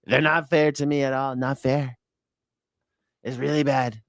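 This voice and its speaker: A man's voice: mid-range voice, little pitch movement, unhurried, no echo, clean studio sound, lightly acted. A man voicing a whiny, self-pitying man in a mocking impression, whimpering about being a poor victim. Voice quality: whining, babyish.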